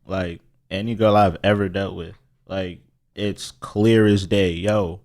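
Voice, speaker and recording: Male podcast co-host, low-pitched, emphatic and slangy. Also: fairly even intonation, slow pace, darkish tone. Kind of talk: casual chat.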